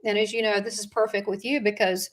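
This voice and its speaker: A chatty woman talking in a relaxed conversational way, voice in an ordinary middle pitch. She often restarts her sentences and fills the gaps with "uh" and "you know" as she tells her stories. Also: fast. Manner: chatty storyteller with frequent fillers and restarts. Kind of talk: casual conversation.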